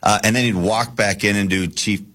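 A man's voice: on the low side, fairly even intonation, a little fast, a bit bright. A man co-hosting a casual chat, telling a rambling anecdote. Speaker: podcast co-host. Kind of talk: casual storytelling.

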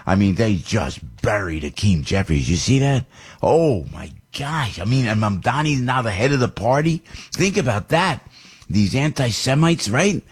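An older man, hosting a talk radio show in an animated, rambling way with big jumps up in pitch. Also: moderate pace, husky. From New Jersey. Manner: rambling and nostalgic.

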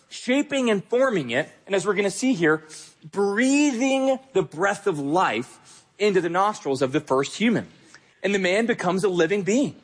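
A pastor delivering an emphatic, earnest sermon, repeating key phrases. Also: male voice, sits high, husky.

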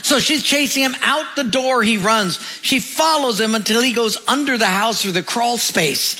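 A man's voice: very high voice, normal speed, sharp tone. A male pastor preaching a sermon, telling funny stories with acted voices. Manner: storytelling with acted voices and laughter.

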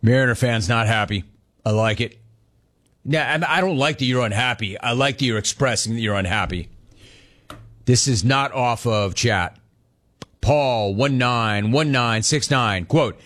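A man in his forties hosting a sports talk show, telling stories in a lively, animated way and imitating his dad. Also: medium pitch, measured pace. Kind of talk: casual talk show monologue.

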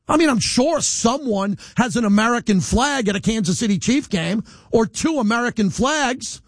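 A middle-aged man hosting live sports radio, talking in an animated, defiant, rambling monologue without a script. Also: high-pitched, no echo, studio quality. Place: radio studio. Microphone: studio microphone.

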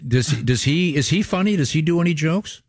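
A man's voice: fairly high pitch, lively intonation, fairly quick. A man hosting a talk show, joking with guests in a loose, rambling way. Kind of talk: casual radio chat.

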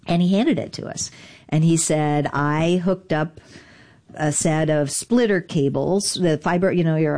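A woman guest in an interview, telling a story in lively, animated fashion, acting out quoted voices and laughing often. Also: low voice. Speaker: guest, digital rights lawyer.

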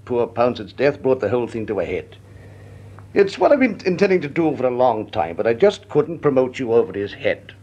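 A man's voice: medium pitch, very animated, fairly quick, a little mellow. A man playing a blustering company chairman. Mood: genial. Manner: bumbling, flustered, hesitant. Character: genial blustering older male company chairman. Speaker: actor in radio drama. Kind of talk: vintage radio drama acting. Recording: dull lo-fi old radio recording.

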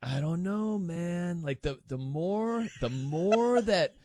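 A man's voice: high-pitched, expressive, darkish tone, a little hiss or hum. A man impersonating a hesitant young male co-host who keeps trailing off and restarting. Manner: halting, full of fillers and restarts.

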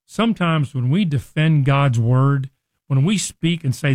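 A man with a slightly high voice teaches scripture on a radio program. He speaks earnestly and conversationally. The sound is dry and close, with no room echo. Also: lively intonation, moderate pace, a little mellow. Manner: earnest, acts out quoted speech with rising emphasis.

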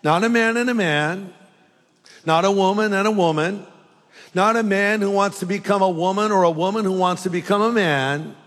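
A man's voice: sits high, moderate pace, a bit bright. A man preaching a sermon as pastor, joking and storytelling, recorded in a large hall.

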